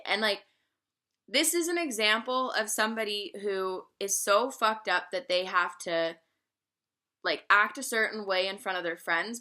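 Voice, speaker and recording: Brief: bright, tense-toned woman in her 20s, swearing, animated storytelling vlog. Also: mid-range voice. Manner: profane, animated storytelling with frequent laughs. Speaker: vlogger.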